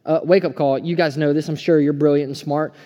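A man in his thirties preaching a sermon as pastor, earnest and urgent, dropping to a hush and then rising fired-up. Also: a little high, fairly even intonation, a little fast. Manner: earnest, swings between hushed and fired-up. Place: church sanctuary. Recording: preaching in a hall with long reverb.

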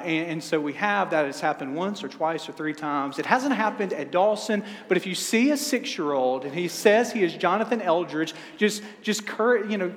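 A man's voice: high voice, long reverb tail. A middle-aged man preaching a sermon as pastor, telling funny family stories with stammered restarts. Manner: humorous storytelling with stammered restarts. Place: church sanctuary.

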